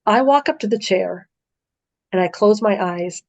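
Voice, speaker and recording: A middle-aged woman speaks as a podcast guest, telling a story in a vivid, conversational way full of little fillers. Her voice sits at an ordinary pitch. The recording is close and dry, with a slightly dull, muffled tone. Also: a little slow, no room sound. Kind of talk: recounting a dream in conversation.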